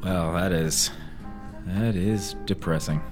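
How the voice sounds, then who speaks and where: A man improvising a washed-up male hair metal rocker turned financial planner, rambling through a sales patter with sudden shrieked yells. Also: deep voice, takes it slowly, faint music behind, voice pushed down. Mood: rambling pitch. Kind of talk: improvised comedy sketch.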